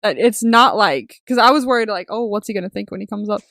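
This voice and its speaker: A woman co-hosting a podcast, eager and excitable, swearing casually as she chats about a show. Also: mid-range voice, fast talker, creaky, no room sound, clean studio sound. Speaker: podcast co-host. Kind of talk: casual chat recapping a TV series.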